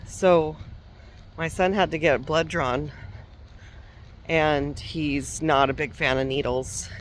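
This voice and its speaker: A woman coach telling a candid personal story in a reflective, unhurried way, with soft laughs and restarts. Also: low-pitched, steady tone, slight background noise. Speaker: parenting coach.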